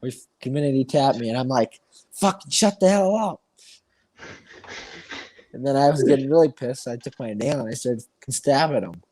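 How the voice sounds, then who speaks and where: A man's voice: mid-range voice, fairly even intonation, quick pace, hardly any pauses, warm tone. A man co-hosting a casual podcast, telling laid-back, profane anecdotes with lots of fillers. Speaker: podcast co-host. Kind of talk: casual chat.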